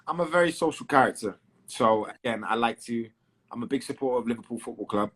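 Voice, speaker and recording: A husky-voiced man with a London accent chats loosely as an interview guest. He swears casually, restarts his sentences and leans on "um" as he talks. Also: mid-range voice, fast talker, fairly bright tone. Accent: English, London. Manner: chatty, swears, fills with "um" and restarts. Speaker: guest fighter.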